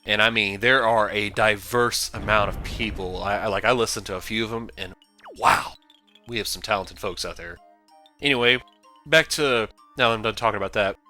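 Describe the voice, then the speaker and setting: Let's play host: man, chatty and rambling, bright tone. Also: on the low side, moderate pace, soft background music. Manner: chatty, rambling, animated outbursts and put-on character voices. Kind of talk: casual gameplay commentary.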